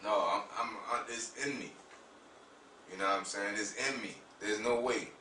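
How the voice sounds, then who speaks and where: A man talking casually about faith in an animated, profane way, often saying "you know what I'm saying". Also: fairly low pitch, normal speed. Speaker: religious discussion host. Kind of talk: casual spiritual talk. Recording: roomy echo, far from mic, faint noise.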